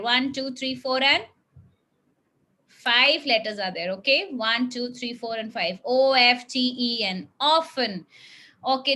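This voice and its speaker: Slow, high-voiced teacher woman. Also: bright, forceful tone, rough recording. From India. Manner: patient, drawn-out, coaxing teacher talk. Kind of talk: classroom phonics lesson with children.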